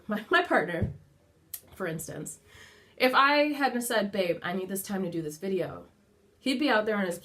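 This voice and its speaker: A woman's voice: medium pitch, fairly bright tone. A woman who is a mother talks casually and candidly to camera at home, giving motivational parenting advice with frequent fillers and the odd swear word. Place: at home indoors.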